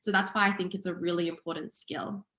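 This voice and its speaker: A young woman teaching public speaking online, explaining each skill in a clear, steady way. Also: fairly low pitch, fairly quick. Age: young adult. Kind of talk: online seminar presentation. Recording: echoey room.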